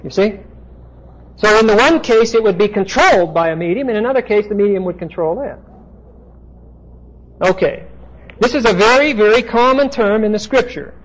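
A man with a high voice gives a Bible lecture, working through terms at the board. He explains patiently and stops often on "uh" fillers. The recording is dull and lo-fi. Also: animated. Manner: explanatory, halting with frequent "uh" fillers. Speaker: Bible teacher.

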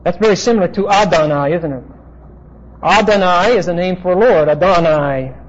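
High-voiced man teaching a Bible lecture. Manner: explanatory, halting with frequent "uh" fillers. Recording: dull lo-fi recording.

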